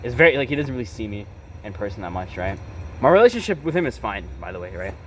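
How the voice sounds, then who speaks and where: A man's voice: lowish voice, very animated, fast, a little hiss or hum. Blunt young man, casual and profane. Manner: casual, profane, peppered with "bro" and "right?"; blunt and emotionally charged. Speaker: vlogger. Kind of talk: confessional storytelling.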